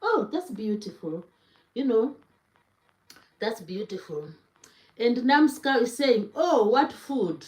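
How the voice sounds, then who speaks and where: Slow-talking woman in an echoey room. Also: fairly high pitch, expressive. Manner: slow, warm greetings to chat viewers. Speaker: cooking livestream host. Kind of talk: casual livestream chat.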